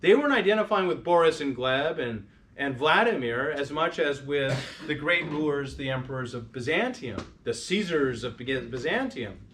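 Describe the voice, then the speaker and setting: A man's voice: fairly high pitch, lively intonation, moderate pace, a bit bright, slight background noise. A man giving an informal history lecture to a parish group, talking conversationally with restarts and questions to the listeners. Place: parish hall or church.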